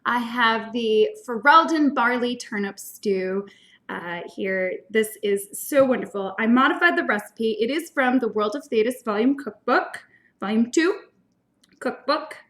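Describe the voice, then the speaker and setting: A woman's voice: on the high side, unhurried, a bit bright. A woman hosting a casual livestream eating show, chatting in a bubbly, enthusiastic way. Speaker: host.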